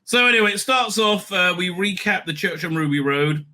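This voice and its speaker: With a high voice and moderate pace, a man hosting a review show shares his opinions animatedly. Fillers, restarts, and sarcastic asides run all through his commentary.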